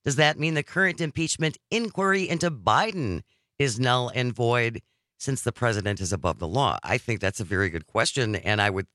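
A man hosts a live talk radio show, his voice bright and forward. He reads listener texts and news items in a wry, chatty way. The studio mic sounds close and dry. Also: medium pitch, normal speed, no room sound. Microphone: studio microphone.

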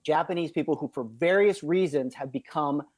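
A man as an interview guest, telling a story in an upbeat way and acting out quoted shouts. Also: a little high, normal speed, no room sound. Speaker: film producer guest.

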